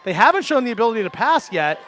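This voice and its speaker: Male color analyst, high-pitched and eager, explains formations, light outdoor ambience. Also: sing-song, quick pace, a bit bright, slight background noise. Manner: enthusiastic, explains formations, chuckles easily. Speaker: color commentator. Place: outdoor high school football stadium.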